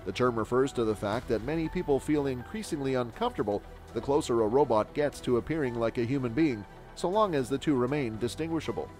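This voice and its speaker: A man reading scripted tech news narration in an even, steady way. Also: medium pitch, fast, few pauses, faint music behind.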